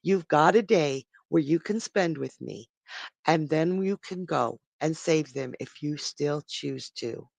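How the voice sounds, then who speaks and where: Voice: medium pitch, takes it slowly, gravelly, dry recording. A storyteller doing an earnest messenger god. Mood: calm. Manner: earnest, worried. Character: male messenger god of divination.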